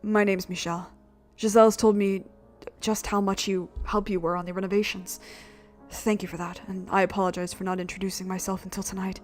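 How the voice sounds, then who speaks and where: Woman playing calm polite young woman, mid pitch, measured, dry humor, faint music. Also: close to an everyday voice. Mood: composed.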